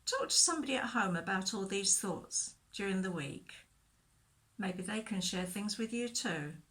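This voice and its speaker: A woman leading a children's church talk, telling a Bible story in a gentle, expressive way and asking questions, recorded for video. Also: medium pitch, moderate pace.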